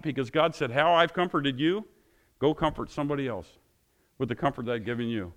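A male pastor preaching with passion, closing his sermon in prayer and getting louder and higher when excited. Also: fairly quick. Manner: passionate, rising loud and high when excited.

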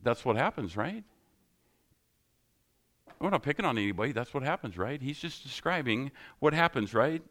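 A man's voice: mid-range voice, animated, normal speed, pauses often, fairly bright tone. Man preaching conversationally. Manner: conversational preaching with rhetorical questions and humor. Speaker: pastor. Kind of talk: sermon.

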